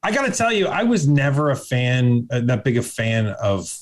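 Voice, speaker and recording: A man's voice: mid-range voice, very animated, normal speed. A man hosting a movie podcast in casual, rambling chat with wry asides. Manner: rambling, lots of fillers, wry. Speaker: podcast host.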